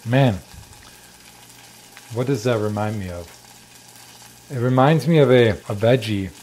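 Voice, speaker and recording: A man's voice: mid-range voice, unhurried, a little mellow, a little hiss or hum. A man with a German accent, chatting casually while tasting and cooking wild plants in his home kitchen. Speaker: homestead vlogger.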